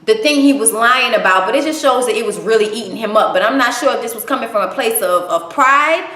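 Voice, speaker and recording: A woman's voice: fairly high pitch, lively intonation, fast talker, sharp tone. A woman giving a casual, blunt spoken recap of a TV episode, swearing freely and giving strong opinions. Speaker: TV show reviewer. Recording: echoey room.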